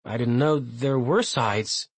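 A man's voice: mid-range voice, takes it slowly, husky, dry recording. A male audiobook narrator voicing a guarded, wry young man who answers tersely and defensively. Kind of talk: audiobook character voice.

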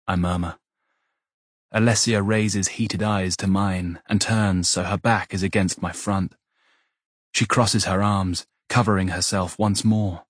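A man narrating a first-person romance audiobook in a soft, intimate murmur. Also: lowish voice, breathy edge, no echo, studio quality.

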